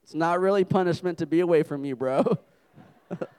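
A man's voice: a little high, moderate pace, dark tone, clear, resonant tone. A young adult man preaching a humorous sermon to a campus group, telling self-deprecating stories as a father. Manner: joking, self-deprecating storyteller.

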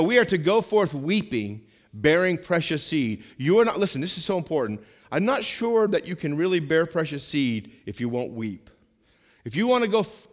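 A pastor in his forties preaching a sermon in church, swinging between loud, emphatic lines and hushed, slower ones. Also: medium pitch.

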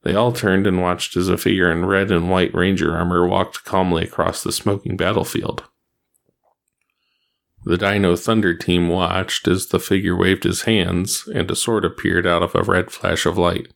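A man reads an action adventure story aloud at a steady pace. His voice sits very low and carries a gravelly fry throughout, with a plain, even delivery. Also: normal speed. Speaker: narrator. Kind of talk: reading fan fiction aloud.

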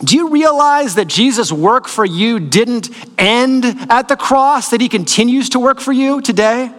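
A middle-aged male pastor with a notably high-pitched voice, preaching in a relaxed, conversational manner. He keeps asking the congregation questions and answering them himself. His voice trails off into the long reverb of a large sanctuary. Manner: conversational storytelling with fillers. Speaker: lead pastor. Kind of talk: sermon.

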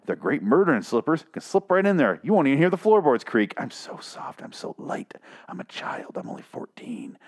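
A man puts on a creepy teenage boy with a hushed, menacing whisper. He sounds soft and sly, with barely any voice behind the words. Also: mid-range voice, dry recording, clean studio sound, lightly acted.

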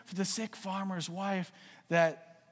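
Man, pastor, sermon, earnest and urging, animated storyteller, fairly high voice, long hall echo. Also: slow pace.

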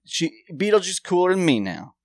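A man's voice: high voice, very animated, moderate pace. Profane, rambling man in casual chat.

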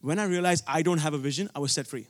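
A man's voice: a little high, rapid-fire. A young man from India preaching a sermon, telling a personal story earnestly, with frequent restarts.

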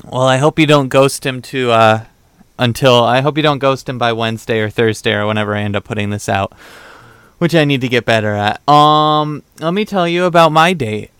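A young male podcast host with a medium-pitched, fairly bright, clear and resonant voice talks a little fast in a casual chat. He rambles through a dating story, acting out the quoted exchanges with lots of fillers, and there's no echo.

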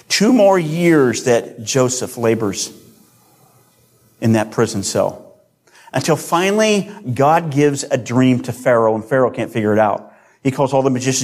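A man preaching a sermon, retelling a biblical story and acting out the voices of its people. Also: mid-range voice. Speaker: pastor.

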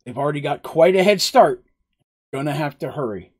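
A man's voice: on the high side, lively intonation, moderate pace, darkish tone, slightly rough. Artist, a man doing an earnest young princess. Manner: earnest, apologetic.

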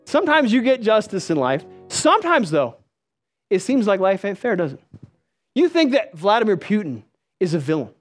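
A man preaching a sermon, telling stories with lively delivery and calling out questions to the congregation. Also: high voice, moderate pace, soft background music. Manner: storytelling, animated, calls out to the crowd.

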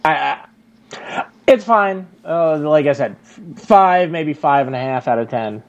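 A man's voice: fairly high pitch, expressive, a little slow. A man co-hosting a casual podcast, talking in a dry, matter-of-fact way. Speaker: podcast co-host. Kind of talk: casual chat. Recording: dull lo-fi sound.

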